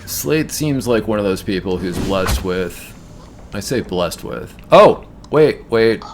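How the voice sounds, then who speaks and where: A man's voice: low-pitched, animated, measured pace, a little hiss or hum. A man streaming a game, chatting casually and musing aloud about words as he plays. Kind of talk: casual gameplay commentary.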